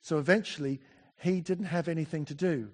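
A man preaching a sermon in a church, chatty and animated, full of asides and self-corrections. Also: on the high side, fairly quick.

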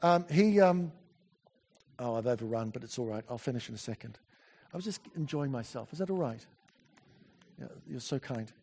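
A man preaching a sermon in a church, chatty and animated, full of asides and self-corrections. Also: medium pitch, moderate pace, pauses often.

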